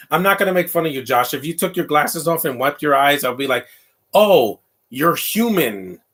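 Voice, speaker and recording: A man giving a casual live commentary over a comedy film, rambling through asides, laughing often and reacting loudly to what is on screen. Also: quick pace. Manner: reacts loudly to the film, quoting lines in a high voice.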